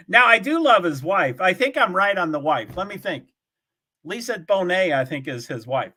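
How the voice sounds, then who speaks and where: A man's voice: high-pitched, very animated, normal speed, bright, forceful tone. An older man hosting his own livestream, chatting in a rambling, casual way, full of fillers and frequent chuckles. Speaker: livestream host. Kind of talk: rambling casual chat to viewers. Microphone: streaming setup, from home.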